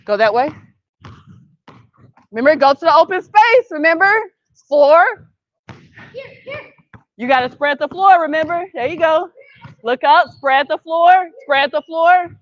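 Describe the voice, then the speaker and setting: A woman coaching a youth basketball practice, calling brisk directions and praise and gently correcting the kids. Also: high voice, expressive, dry recording. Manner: brisk, directive calls and encouragement; patient, gentle correction of the group. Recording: dull, dry lo-fi sound.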